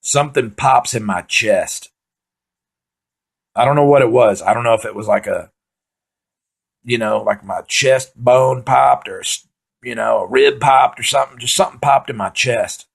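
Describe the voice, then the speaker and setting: A man doing profane, rambling comic storytelling, excitably acting out his own panic. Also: mid-range voice, moderate pace, vocal fry, slightly rough. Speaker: stand-up comedian.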